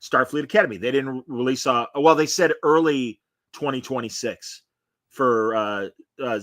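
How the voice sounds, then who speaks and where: A man co-hosting a casual fan chat, opinionated and animated, with frequent restarts. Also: mid-range voice, normal speed, no room sound. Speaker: podcast co-host.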